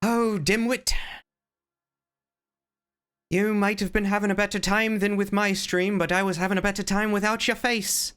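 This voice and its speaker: A man's voice: high voice, little pitch movement, a little fast, hardly any pauses, fairly bright tone, clear, resonant tone. A man chatting casually on a live stream, reading chat and teasing viewers in a playful, rambling way.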